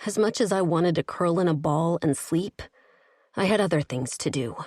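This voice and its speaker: Low-voiced woman reading a romance audiobook. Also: moderate pace, a little mellow, no room sound, clean studio sound. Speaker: audiobook narrator. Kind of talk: first-person romance audiobook narration.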